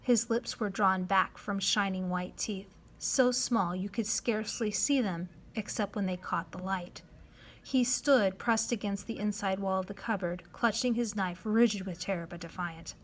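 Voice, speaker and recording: A woman narrating a children's novel in a measured storytelling voice, dropping to a hush at times. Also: medium pitch. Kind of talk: reading a children's novel aloud.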